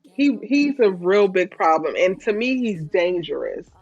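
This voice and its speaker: A woman hosting a casual recap show, animated and exasperated, reading out viewer comments. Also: mid-range voice, measured pace, breathy edge, no room sound, muffled recording.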